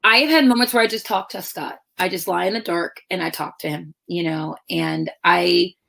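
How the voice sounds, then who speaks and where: A middle-aged woman author telling personal stories in a lively conversational talk, acting out the voices of people she quotes. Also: lowish voice, normal speed, vocal fry. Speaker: author guest.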